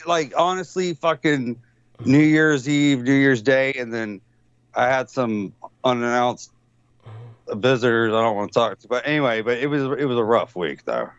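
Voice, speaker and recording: A man's voice: medium pitch, normal speed, clear, resonant tone, no room sound. A male guest on a remote call, chatting casually, crude, rambling and swearing with many fillers. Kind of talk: casual chat over a call. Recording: dull lo-fi call audio.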